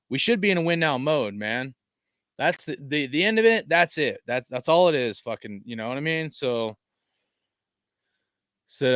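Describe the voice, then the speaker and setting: A man's voice: mid-range voice, a bit bright, clear, resonant tone, no room sound, studio quality. Profane, fed-up man venting. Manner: profane, frustrated venting with lots of fillers. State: tired. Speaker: fan channel host. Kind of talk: live-stream fan rant reading chat.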